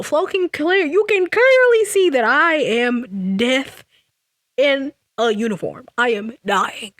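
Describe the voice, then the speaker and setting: A young woman telling a casual storytime vlog, animated and sassy, with frequent restarts and laughter. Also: high voice, slow pace, no echo, studio quality. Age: young adult. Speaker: vlogger.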